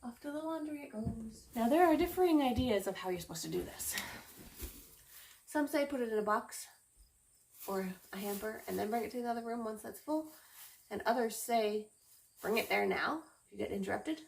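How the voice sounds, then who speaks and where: A woman's voice: a little high, lively intonation, moderate pace, gravelly, roomy sound, a little hiss or hum. A woman chatting casually to viewers while she cleans and tidies her bedroom, self-mocking and talking straight to the camera. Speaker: home cleaning vlogger. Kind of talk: casual vlog narration while tidying. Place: bedroom at home.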